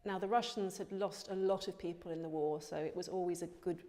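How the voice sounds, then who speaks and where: An older woman with a fairly low voice talks in a measured, reflective way in a documentary interview. Her words ring out with a long hall reverb behind them. She speaks as a theatre director. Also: fairly even intonation, dark tone.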